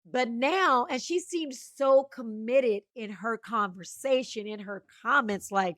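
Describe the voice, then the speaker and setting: A woman co-hosting a podcast, giving blunt, animated opinions in a casual gossip chat. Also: on the high side, slow pace, dry recording, studio quality. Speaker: podcast co-host.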